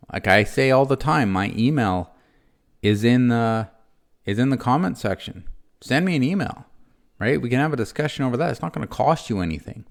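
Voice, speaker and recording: A man hosting a motivational podcast, talking earnestly and warmly straight to the listener, with frequent tag questions and restarts. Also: medium pitch, creaky. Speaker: podcast host, former prison guard.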